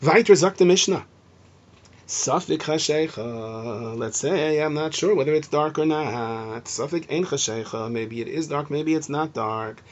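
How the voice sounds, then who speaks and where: Husky bright-voiced guy teaching mishnah, muffled lo-fi audio. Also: a little high, a little slow. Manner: animated, acts out shouting and gentle speech. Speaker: Torah teacher. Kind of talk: explaining Mishnah to students. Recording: dull lo-fi recording.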